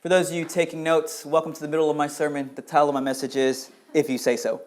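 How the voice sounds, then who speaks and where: Pastor guy preaching, fairly high voice, gets loud and pushy then drops way down quiet, talks to folks by name. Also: fast. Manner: animated preaching, swings from loud urgent questions to low quiet stretches; addresses congregation members by name. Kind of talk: sermon.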